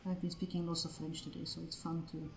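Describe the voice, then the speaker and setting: A woman's voice: deep voice, completely flat delivery, quick pace, creaky, darkish tone, echoey room, a little hiss or hum. A woman art streamer chatting casually as she draws, scattered and self-mocking, and she swears freely. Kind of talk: casual live-stream chat while drawing.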